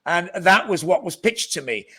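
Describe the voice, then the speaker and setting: A man with a Scouse accent shaded by north Welsh tones speaks as a guest actor, recounting stories against himself. His voice sits high for a man, and he trips over his words in quick restarts. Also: expressive, pushed and bright, a little hiss or hum, rough recording. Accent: Scouse with a north Welsh tinge. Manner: self-deprecating, often stammering restarts. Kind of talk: anecdotal chat.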